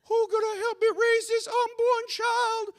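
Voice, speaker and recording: A man doing a breathless, clingy young daughter with a high, pleading voice. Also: flat delivery, unhurried. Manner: gasping, pleading, high-pitched.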